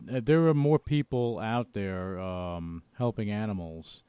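Low, smooth-voiced male interviewer. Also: dark tone, no room sound, muffled recording. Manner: halting, restarts often, supportive. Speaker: interview host. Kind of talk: casual interview.

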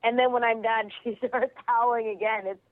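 A woman's voice: fairly high pitch, no echo. A woman comedian telling a story with lots of energy, laughing easily and acting out the people in it over a phone line. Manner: lively, quick, laughs easily, acts out voices in stories. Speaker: comedian and actress, interview guest.

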